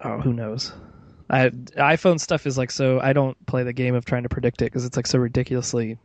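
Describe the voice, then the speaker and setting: A man hosts a casual tech podcast, talking through the news in a rambling, chatty way. His pitch is average, and the sound is dry and close. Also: fairly even intonation, fairly quick, no room sound. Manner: chatty, rambling, with many fillers and restarts. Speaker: podcast host.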